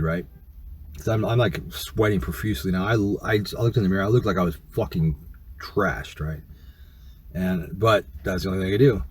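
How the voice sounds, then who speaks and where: A man's voice: low voice, slightly rough. A middle-aged man telling a story casually to camera in a rambling, profane way full of fillers. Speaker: YouTuber.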